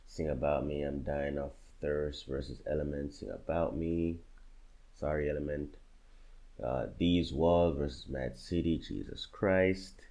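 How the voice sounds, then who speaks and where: Very deep gravelly young man reacting. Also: fairly even intonation, a little slow, mellow. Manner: agonized, swears often, talks to himself while choosing. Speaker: music bracket creator. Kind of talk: casual reaction commentary.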